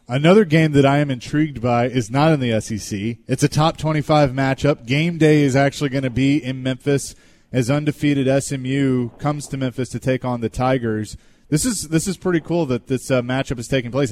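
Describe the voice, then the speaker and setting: A man co-hosting a sports radio show, asking deliberate questions and setting up upcoming games. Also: medium pitch, a little mellow. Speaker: radio co-host.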